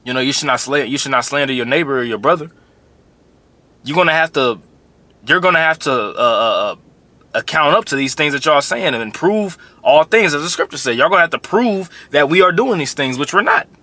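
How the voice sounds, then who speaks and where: A man's voice: a little high, animated, brisk, bright, forceful tone. A man giving a blunt, confrontational preaching commentary, often repeating phrases as he builds his point. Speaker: religious commentator.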